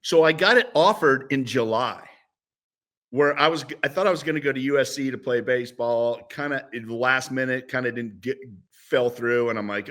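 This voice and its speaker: Here a former football player in his sixties, speaking at medium pitch and a little fast, shares stories during a casual interview where he's the guest. His delivery is lively and wandering, full of restarts.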